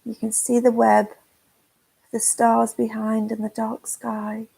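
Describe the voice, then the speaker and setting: Woman, children's nature-group leader; gentle sing-song story reading for toddlers, slightly high, gravelly and husky. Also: monotone, takes it slowly, poor audio. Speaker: forest school leader. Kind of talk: reading a picture book to toddlers. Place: at home.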